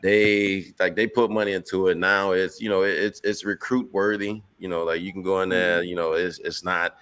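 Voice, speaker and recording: A man, a former player, talking in a relaxed, casual way with many fillers over a video call. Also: low-pitched, moderate pace, smooth. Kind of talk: casual chat.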